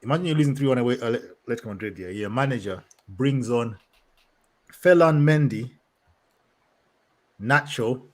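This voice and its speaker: This podcast co-host is a young man with a mid-range voice who talks at a moderate pace and pauses often. On a casual football show he rants at length in street slang, animated and frequently laughing.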